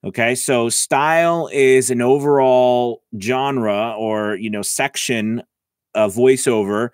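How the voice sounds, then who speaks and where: A man giving a casual voice-over lesson, talking into a close mic and filling pauses with "all right" and "okay". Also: mid-range voice, steady tone, no room sound. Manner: chatty, lots of "all right" and "okay" fillers. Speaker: voice-over coach. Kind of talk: casual tutorial talk. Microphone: close mic, about six inches away.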